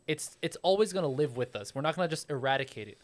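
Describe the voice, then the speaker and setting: A man's voice: a little high, lively intonation, fast talker. A man hosting a casual podcast, explaining with frequent profanity and stammered restarts.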